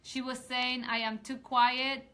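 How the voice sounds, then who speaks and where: A woman speaks straight to her online viewers in a casual live stream, earnest and heartfelt. Her voice is bright and forceful and sits a little high, and she rambles and restarts her sentences before rallying her audience with rousing calls to action. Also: level tone, measured pace. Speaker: women's empowerment coach hosting a live video.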